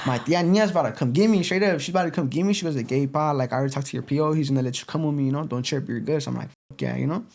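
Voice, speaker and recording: Fast-talking man. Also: creaky, darkish tone. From East Los Angeles. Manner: profane street slang, constant "you know" and "boom" fillers. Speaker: guest. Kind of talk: casual storytelling interview.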